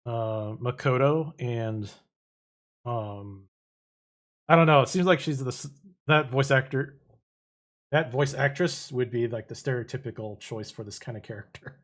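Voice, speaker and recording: A man's voice: medium pitch, unhurried, pauses often. A man streaming a game, chatting casually with many fillers and restarts. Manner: rambling, hesitant, many fillers. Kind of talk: casual live-stream chat. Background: game music.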